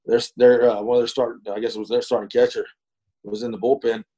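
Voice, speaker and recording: A middle-aged man spins a long, folksy yarn as an interview guest. His voice is mellow and relaxed, in the middle of the male pitch range. He talks unhurriedly, with plenty of fillers and chuckles along the way. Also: quick pace, low-quality recording. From East Texas. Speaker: guest, former pro baseball pitcher. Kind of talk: casual storytelling interview.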